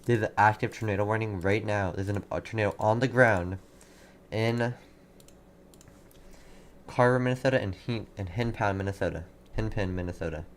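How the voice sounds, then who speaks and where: A man's voice: fairly low pitch, normal speed. Man giving urgent live weather commentary. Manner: urgent, repeats himself, reads chat. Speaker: livestream weather host.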